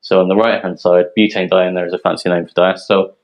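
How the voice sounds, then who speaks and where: A man from a yeast company presenting technical details in a relaxed, explanatory way, with frequent ums. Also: low-pitched, fast, lo-fi sound. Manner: explanatory, filler-heavy, relaxed.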